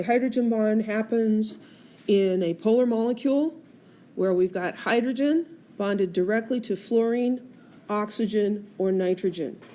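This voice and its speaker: A woman's voice: medium pitch, warm tone, a little hiss or hum. A woman teaching chemistry in a screencast lecture, explaining step by step and putting questions to the class. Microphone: tablet screencast recording.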